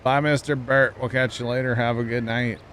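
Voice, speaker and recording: A man livestreams a farming game, chatting in an easygoing, casual way with his chat and fellow players. His medium-pitched voice is flat and fairly bright at a normal speed, with slight background noise.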